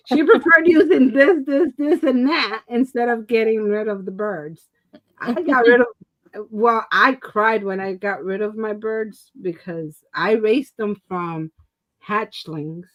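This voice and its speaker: On a casual talk stream, a middle-aged co-host, a woman with asthma and COPD, tells a story full of laughter and acted-out quotes in an animated way. Her voice is medium-pitched. The recording is low quality.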